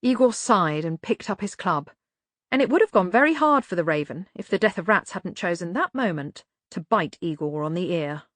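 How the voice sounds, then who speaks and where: A woman reading an audiobook in measured, even narration. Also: fairly low pitch, dry recording.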